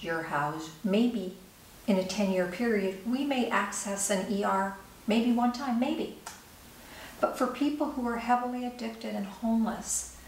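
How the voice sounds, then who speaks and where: An older woman, an author, giving a talk and telling a personal story, acting out the dialogue vividly. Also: medium pitch. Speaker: author and speaker. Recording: echoey room, distant mic, faint hiss.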